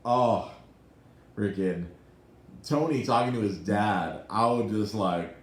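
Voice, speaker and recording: A man co-hosting a podcast in casual chat, excitable and swearing freely, with many restarts. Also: on the low side, slow, reverberant, a little hiss or hum. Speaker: podcast co-host. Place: podcast studio.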